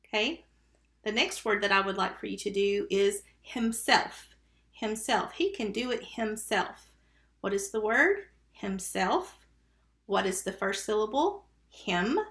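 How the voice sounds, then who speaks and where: A woman's voice: medium pitch, lively intonation, unhurried, a bit bright. A woman teaching a recorded first-grade phonics lesson, patiently sounding out syllables and letters one by one. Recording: roomy, echoey recording.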